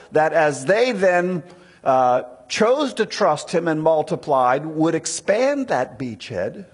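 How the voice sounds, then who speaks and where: A man preaching a sermon, teaching slowly through a text and acting out quoted lines. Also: on the high side, slightly rough. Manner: animated, acts out the serpent's lines in a raised voice.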